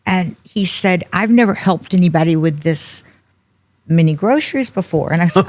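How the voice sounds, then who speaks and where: A middle-aged woman, appearing as a podcast guest, tells a personal story in a storytelling interview, animatedly acting out the people in it. Her voice is on the low side and she speaks at normal speed.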